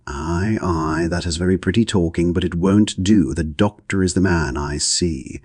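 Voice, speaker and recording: A man's voice: sits low, normal speed, a little mellow, husky, no echo, clean studio sound. A man voicing a hearty, nosy older matron who teases, in an audiobook. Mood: teasing.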